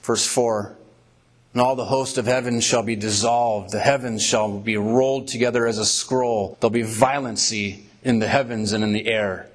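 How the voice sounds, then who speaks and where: A man preaching a sermon, reading scripture aloud and retelling it emphatically with drawn-out words. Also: lowish voice, fairly even intonation.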